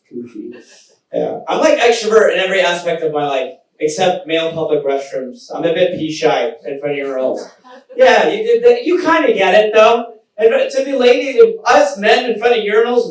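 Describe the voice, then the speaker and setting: A man in his thirties performing a self-deprecating stand-up comedy set for a live audience, building to shouted punchlines. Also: high voice. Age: 30s. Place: small live venue with audience. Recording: echoey room, distant mic, audience noise.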